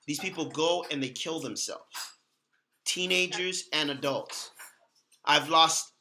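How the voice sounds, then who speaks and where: A man hosting a casual talk in an earnest, emphatic way, leaning on repeated words to make his point. His voice sits a little high and sounds bright and forceful. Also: takes it slowly, a little hiss or hum. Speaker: host.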